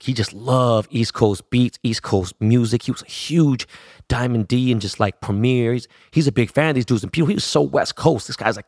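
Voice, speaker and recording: Recorded with studio quality and no echo, this medium-pitched man is a middle-aged DJ and producer from Los Angeles. His casual, profane tale is full of streetwise slang, and he quotes others by imitating their voices quickly.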